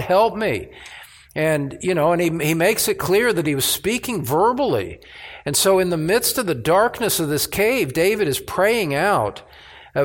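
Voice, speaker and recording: A man preaching a sermon as pastor, emphatic, with pauses and restarts. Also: fairly high pitch.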